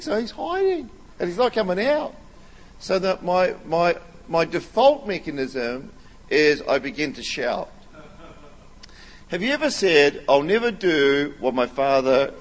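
Animated storytelling pastor, a man. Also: sits high, unhurried. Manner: animated storytelling, rising to near-shouting. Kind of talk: sermon. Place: large church hall. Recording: long reverb of a large hall.

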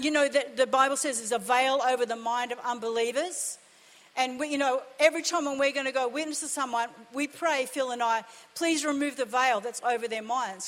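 A woman pastor preaches in a high, ringing voice. She drives her points home with urgent repetition. A long reverb hangs after each phrase in the church hall. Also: fairly bright tone. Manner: impassioned, emphatic preaching with repeated phrases. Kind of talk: sermon.

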